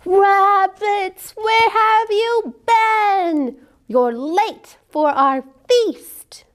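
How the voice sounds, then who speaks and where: A woman voicing a hungry, huffy, growly little wolf boy who calls out in long, drawn-out howls. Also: very high-pitched, voice pushed up, heavily acted. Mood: eager.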